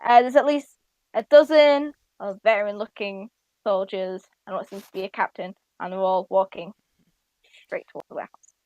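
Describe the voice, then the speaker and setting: A woman's voice: mid-range voice, steady tone, normal speed, dark tone, no room sound, highs cut off. A young woman narrating as dungeon master, hesitant and full of fillers. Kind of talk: narrating a tabletop game.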